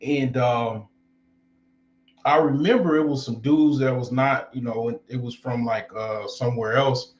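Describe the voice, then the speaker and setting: A man's voice: mid-range voice, fairly even intonation, unhurried. Rambling, profane man in a roomy recording. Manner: loose, rambling and profane, with many fillers. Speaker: vlogger. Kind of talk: casual storytelling. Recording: roomy, slightly dull recording.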